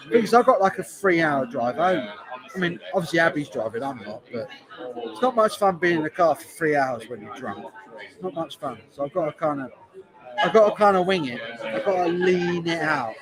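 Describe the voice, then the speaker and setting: London-accent bloke on a live stream in a packed bar, voice sits a bit high, chatty, says stuff twice, crowd loud behind. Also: male voice, lively intonation, normal speed, low-quality recording. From Hertfordshire, England. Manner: chatty, repeats lines, reads chat aloud. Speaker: beer vlogger streaming live. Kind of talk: casual live-stream chat reading out comments. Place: busy bar taproom.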